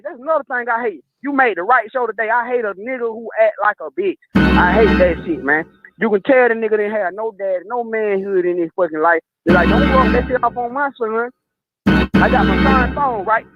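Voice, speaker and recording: A man's voice: extremely high pitch, brisk, over loud music. A man from Atlanta calling in to tell a story in a blunt, profane, emphatic way. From Atlanta, USA. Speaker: caller. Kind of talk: call-in storytelling. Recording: dull, dry phone-in audio.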